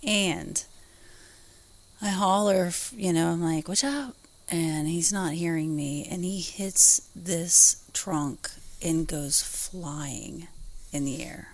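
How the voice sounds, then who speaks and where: A woman's voice: on the low side, fairly even intonation, slow pace. A woman co-hosting a podcast, chatting casually and telling a story in short bursts with frequent laughter. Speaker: podcast co-host.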